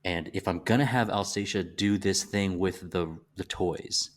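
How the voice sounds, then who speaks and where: A man from the American South, co-hosting a casual movie podcast, talking in a halting, thoughtful way with frequent restarts. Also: deep voice. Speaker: podcast co-host.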